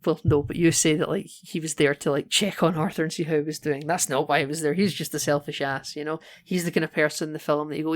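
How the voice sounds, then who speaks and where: A man co-hosting a podcast, chatting casually and animatedly about a film, quick to laugh. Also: on the high side, fairly even intonation. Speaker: podcast co-host.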